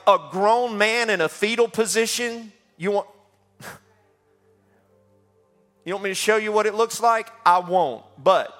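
A man's voice: sits high, a bit bright. A middle-aged man, a pastor preaching a passionate call-and-response sermon in a church. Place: church sanctuary.

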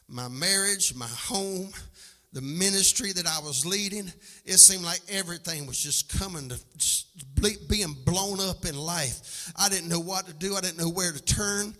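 A man preaching a sermon as pastor, alternating a shouting, sing-song cadence with plain storytelling. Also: sits high. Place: church sanctuary. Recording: long hall reverb from a live church service.

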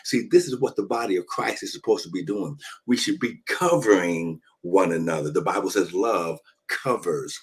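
A man's voice: low voice, slightly rough, low-quality recording. A man pastor preaching over a live stream from a shared hotel room, emphatic and repeating his phrases, calling out to his listeners. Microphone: phone or laptop on a video call.

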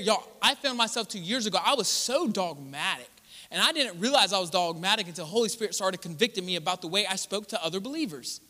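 This young pastor's sermon rings through a reverberant sanctuary in a high, bright voice. Speaking to the congregation in a relaxed, chatty style, he performs the voices of those he quotes and often addresses the listeners with side remarks.

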